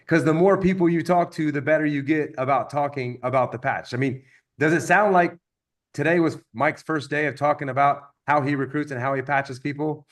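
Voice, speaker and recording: A man giving an energetic motivational sales training talk, acting out stories with quoted voices. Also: fairly high pitch, fairly quick.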